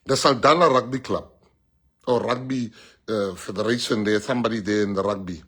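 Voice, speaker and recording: A man's voice: fairly low pitch, brisk, fairly bright tone, slightly rough. A man with a South African accent giving a rousing, joking political speech and switching languages.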